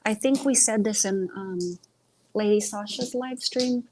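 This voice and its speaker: A woman's voice: medium pitch, a little slow, a little mellow, slight background noise, low-quality recording. A woman hosting a casual live stream from home, chatting loosely and tripping over her words, talking into earbuds. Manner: rambling, stumbling over words.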